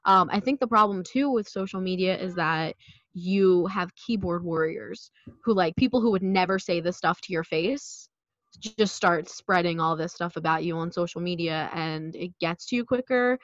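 A young woman from South Philadelphia chats on a podcast, quick and loose with her fillers. Her voice sits a little low. The recording is dry and a bit dull, like a budget mic. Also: no room sound. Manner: chatty, quick, filler-heavy. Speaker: podcast co-host. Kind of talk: casual podcast chat.

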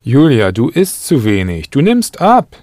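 Julius is a young man giving model answers in a scripted language-course dialogue. His pitch moves around a lot, and he articulates each word carefully. The sound is dry and close-miked. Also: huge pitch swings, a little slow, a little mellow, no room sound. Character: Julius, young male learner.

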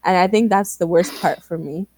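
A woman's voice: lowish voice, moderate pace, darkish tone, breathy edge, no echo. A young woman co-hosting a podcast in casual chat, laughing often and exclaiming. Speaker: podcast co-host.

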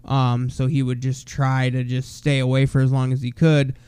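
A man's voice: medium pitch, monotone, moderate pace, a little mellow, smooth, no room sound. A young man co-hosting a podcast, telling stories in a loose, profane, casual chat full of "bro" and "dude". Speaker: podcast co-host.

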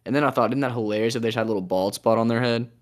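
A young man co-hosts a podcast, chatting in a rambling, jokey manner and often trailing off before starting again. His voice is medium-pitched and very fast.

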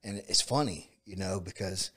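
With a low-pitched, husky voice at normal speed, this jiu-jitsu and MMA coach is just chatting. His talk is relaxed and wandering, sprinkled with "dude" and "like."

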